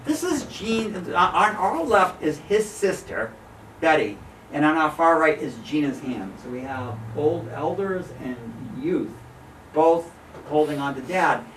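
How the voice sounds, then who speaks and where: Middle-aged guy giving a casual photo talk in a gallery, kinda high voice, echoey room, sounds far from the mic with faint background hum. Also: a little slow. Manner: animated storyteller, acts out quoted voices, laughs often. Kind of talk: informal slide talk to an audience. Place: small art gallery with an audience. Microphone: room recording from a distance.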